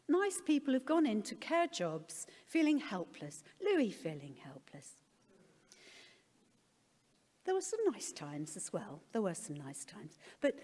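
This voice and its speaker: A woman's voice: medium pitch, a little mellow. A middle-aged woman giving a candid personal talk as a conference speaker, with wry self-deprecating humour. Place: conference hall. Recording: long reverb of a large hall.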